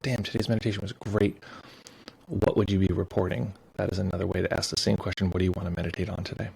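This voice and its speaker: A meditation teacher hosts a livestream in a casual, joking manner, reading viewer comments aloud through a streaming mic with headphones. His low voice is creaky, a little mellow, and slightly rough. The audio quality is poor.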